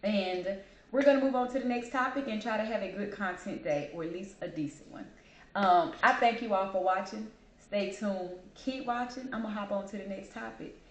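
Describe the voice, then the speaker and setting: Woman vlogger, grieving and candid, mid-pitched, echoey room. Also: moderate pace. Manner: candid and heartfelt, addresses viewers as y'all. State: grieving, holding back tears. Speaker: channel host. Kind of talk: personal vlog talking to camera.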